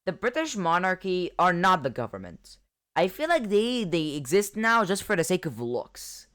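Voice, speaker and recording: A reaction video host talks in loose, casual commentary. Filler words and self-corrections are constant. The pitch swings lively throughout. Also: normal speed, clean tone.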